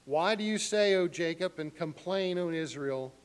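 A middle-aged male pastor preaching a sermon in an animated way, acting out voices with sharp rises in pitch. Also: moderate pace, smooth.

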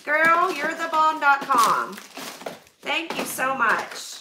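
A woman's voice: sits high, big pitch swings, slow pace, far from the mic. A woman in her thirties chatting on a livestream as she opens donation boxes, bubbly and exclaiming often. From Pennsylvania, USA. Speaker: vlogger opening donations on a livestream. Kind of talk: casual livestream chat. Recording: echoey room, voice away from mic, background noise.

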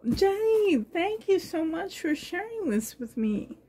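A woman talks through a gift unboxing in a vlog, gushing with breathy exclamations and sounding emotional and a little shaky. Her voice sits high but mellow, and she draws every word out very slowly. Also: sing-song. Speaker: reborn doll collector vlogger.

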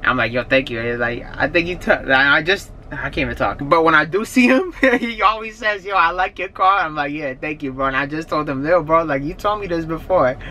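A young man talking in a casual vlog, slangy and rambling, often getting animated. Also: on the high side, a little fast, hardly any pauses, slight background noise. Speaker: YouTuber. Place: car at a drive-thru, then indoors at home.

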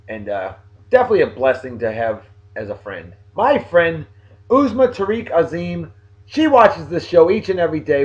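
A man's voice: medium pitch, muffled recording. A man with a New England accent hosting a casual video blog, joking as he talks straight to his viewers. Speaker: vlog host giving shout-outs.

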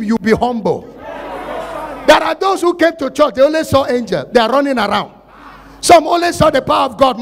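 Nigerian pastor guy preaching, super high gravelly voice, keeps shouting the scripture bits. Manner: preaching with loud shouted bursts and acted-out Bible scenes. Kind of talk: sermon.

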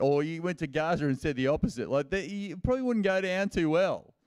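Casual-talking male pastor, clear dry voice. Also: fairly high pitch, darkish tone, dry recording. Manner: casual and storytelling, acting out quoted lines in everyday speech. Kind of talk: conversational sermon. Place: church service.

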